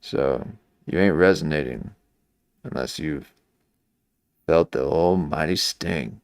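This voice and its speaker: A man's voice: very deep voice, slow pace, creaky, clear, resonant tone, dry recording, studio quality. A man giving rambling, mocking live-stream commentary into a desk microphone. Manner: mocking, meandering, full of restarts.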